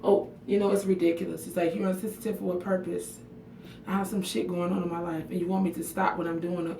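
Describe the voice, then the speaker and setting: Gravelly woman ranting on a livestream, echoey. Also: fairly low pitch, little pitch movement, fast, warm tone, a little hiss or hum. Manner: frank, emotional, swears freely, answers viewer comments by name. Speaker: livestream vlogger. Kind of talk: casual livestream chat to viewers. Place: bathroom at home. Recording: echoey room audio picked up from a distance.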